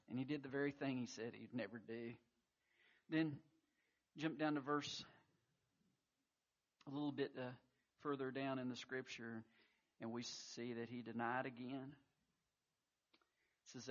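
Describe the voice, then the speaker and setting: A man's voice: mid-range voice, muffled recording. A man preaching a sermon, telling a scripture story with emphatic surges of intensity. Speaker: pastor.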